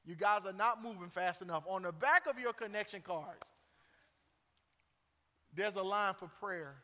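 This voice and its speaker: Middle-aged male pastor, bright forceful tone, joking sermon delivery, long church reverb. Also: high voice, measured pace. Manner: joking, conversational, emphatic preaching.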